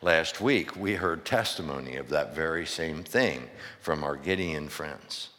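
A man's voice: extremely low pitch, a little slow, pushed and bright. A middle-aged man, a pastor, preaching a sermon in a church with emphatic questions to the congregation. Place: church sanctuary. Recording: long hall reverb.

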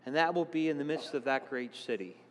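A man's voice: fairly high pitch, a little fast, slight background noise. Man preaching in a reverberant church. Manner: earnest, swings between hushed and exclaiming. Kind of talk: sermon.

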